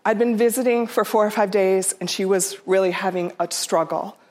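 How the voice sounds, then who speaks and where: A middle-aged woman telling a personal story to an audience, heartfelt and unhurried, sometimes dropping to a soft near-whisper. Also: medium pitch, fairly even intonation. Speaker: storyteller speaker.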